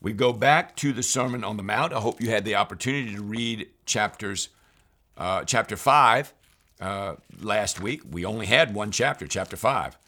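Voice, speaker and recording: Male priest with a somewhat low voice, earnest and unhurried, leading a Bible reading talk. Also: sharp tone. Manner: earnest, unhurried, reads scripture aloud.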